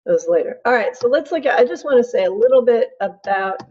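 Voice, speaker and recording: A woman's voice: fairly high pitch, animated, fairly quick, darkish tone, husky, lo-fi sound. A middle-aged woman instructor giving a casual, chatty recorded lecture and acting out her examples.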